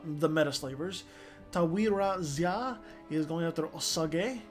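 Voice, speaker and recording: A strategy game commentator talking casually over a match, excitable, swearing often and restarting sentences. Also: medium pitch.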